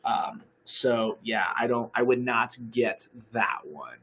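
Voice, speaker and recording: A man's voice: mid-range voice, lively intonation, slow pace, fairly bright tone, husky. A young man, a fitness coach, chatting casually on a livestream and answering viewer questions in an upbeat way.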